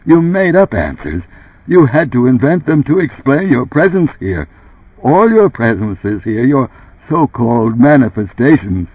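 A man's voice: mid-range voice, sing-song, unhurried, breathy edge, no echo, pitched above the performer's own voice. A man reading an audiobook, voicing a tense, suspicious man who presses his boss with accusing questions. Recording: dry, tinny phone-like sound.

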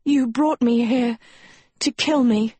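A woman's voice: a little high, slow, dark tone, slightly rough, no echo, pitched above the performer's own voice. A woman doing a stammering, frightened young girl. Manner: shaky, stammering.

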